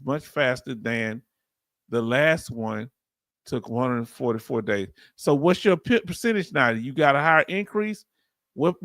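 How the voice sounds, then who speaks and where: A man's voice: medium pitch, no room sound, clean studio sound. Southern man hosting a chat livestream. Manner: chatty, reads chat aloud, bursts of laughing excitement. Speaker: veteran livestream host. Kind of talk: casual livestream chat reading comments.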